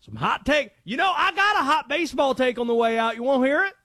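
Here a man puts on a rambling, suspicious sports fan with a thick Cajun accent. His voice jumps high and swoops around, loud and excitable. It is a comic bit on a sports radio show. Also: fast, no room sound, clean studio sound, heavily acted. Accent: put-on Cajun. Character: excitable male conspiracy-minded football fan.

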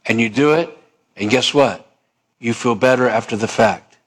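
A man's voice: medium pitch, moderate pace, breathy edge. A male preacher giving a sermon, asking his listeners rhetorical questions and acting out little dialogues.

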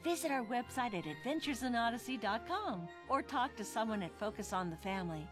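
A woman's voice: a little high, big pitch swings, brisk. A woman announcer reading a friendly, scripted message for listeners. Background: music.

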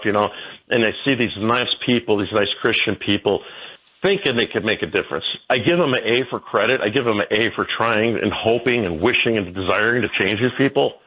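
A man in his sixties, a guest telling stories in a rambling way, his pitch jumping about as he goes. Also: a bit bright, husky. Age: 60s. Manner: rambling storyteller, jumping pitch, laughs between. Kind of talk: casual interview talk. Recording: tinny phone line.

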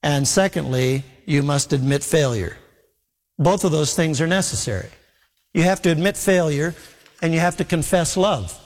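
Male pastor, earnest preaching style, somewhat high pitch, recorded with lingering church-hall reverb. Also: moderate pace. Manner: earnest preaching, voicing Jesus' words to Peter in quotes. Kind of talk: sermon.

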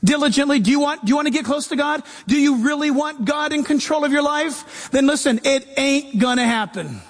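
Man preaching in a church hall, shifting loud and quiet, very high pitch. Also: a little fast. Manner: animated preaching, swings between loud and soft. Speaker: pastor. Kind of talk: sermon.

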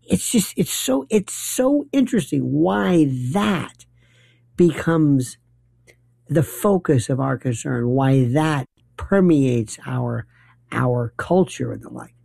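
A man's voice: on the high side, animated, slow, vocal fry, mellow, no echo. A middle-aged man hosting a late-night talk radio show, delivering a rambling, opinionated and wry monologue.

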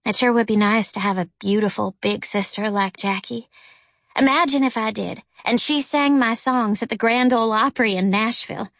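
A woman narrates a story in a gentle, storytelling manner, her voice sitting a little high. The recording is close and dry, with no room sound around her. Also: moderate pace, no room sound. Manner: gentle storytelling, lifts pitch for characters' lines. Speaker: audiobook narrator. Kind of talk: scripted narration.

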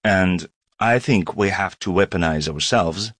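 A man's voice: low voice, a little slow, dry recording. A man, speaking ironically and with animation in an interview clip. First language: Russian. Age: 40s. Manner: animated, ironic, pace jumps around. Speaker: comedian and former journalist.

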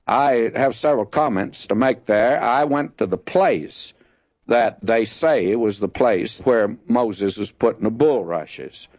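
A man's voice: lowish voice, slow, no echo. A man giving a folksy, conversational Bible teaching, often addressing listeners as friends. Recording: dull lo-fi dry recording.

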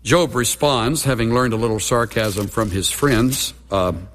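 A man's voice: mid-range voice, unhurried, few pauses, fairly bright tone, in a large hall, a little hiss or hum. A middle-aged man, a pastor preaching a sermon with folksy, humorous storytelling.

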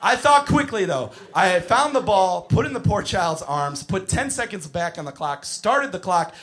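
A man doing stand-up, telling a story and building to shouted punchlines. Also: high voice, sing-song, moderate pace. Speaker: stand-up comedian.

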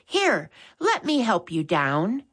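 A woman voicing a kind, caring mother who speaks gently and calmly. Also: medium pitch, takes it slowly, slightly rough, heavily acted. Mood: gentle.

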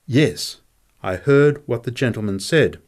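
A man voicing a calm, polite male camp cook in a storybook reading. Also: medium pitch, natural voice. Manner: courteous, measured.

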